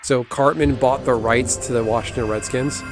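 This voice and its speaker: A man's voice: medium pitch, fairly even intonation, normal speed. A young adult man streaming a game, chatting casually with wry, rambling asides to his viewers. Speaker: gaming streamer. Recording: music playing underneath.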